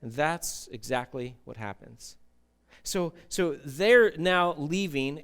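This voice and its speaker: A man's voice: fairly high pitch, animated, takes it slowly, fairly bright tone. A man preaching a sermon as pastor, conversational, repeating key phrases and putting questions to the congregation. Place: church.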